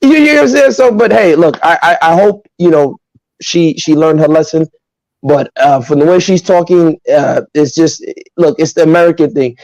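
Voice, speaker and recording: A man from Nigeria, a guest on a podcast livestream, telling stories in an animated, emphatic way with lots of asides. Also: on the high side, moderate pace, creaky, no echo, rough recording. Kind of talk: casual podcast chat.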